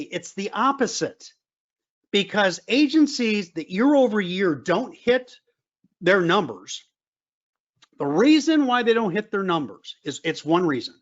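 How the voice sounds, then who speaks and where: Emphatic high-voiced male business trainer. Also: highs cut off. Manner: emphatic, repeats key points, frequent fillers. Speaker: government contracting trainer.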